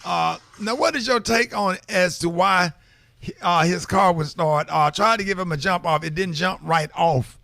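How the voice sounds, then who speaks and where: A man's voice: sits high, moderate pace, gravelly, sharp tone, dry recording. A man hosting a morning radio show from the studio, chatting with a caller in a playful, teasing way with frequent restarts. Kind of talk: casual chat.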